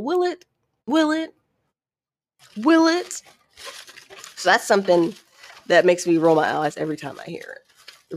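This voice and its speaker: Woman host, low voice, chatty and playful, thinks aloud with plenty of restarts; suits a casual solo Q&A podcast. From Maryland, USA. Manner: chatty, animated, thinks out loud with many restarts; playful and candid.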